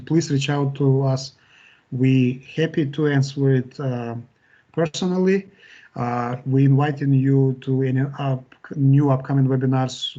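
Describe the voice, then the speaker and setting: A man presenting a live webinar, answering chat questions and wrapping up. He talks in a halting way, with frequent fillers and restarts. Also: medium pitch, mellow. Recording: dull, lo-fi webinar audio.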